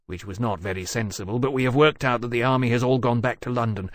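A man's voice: mid-range voice, fast, no room sound, close to an everyday voice. A man voicing a large male dragon who speaks earnestly and anxiously.

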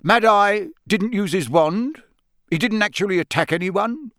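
A man's voice: high voice, measured pace, a bit bright, no room sound, clean studio sound, pitched above the performer's own voice. A man voicing a busy, earnest middle-aged wizard father who talks in a hurry. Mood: hurried.

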